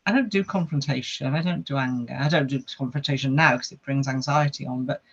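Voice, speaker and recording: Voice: medium pitch, fairly quick, a bit bright, slightly rough, lo-fi sound. A podcast guest, telling a personal story in an earnest way and listing things with lots of repetition.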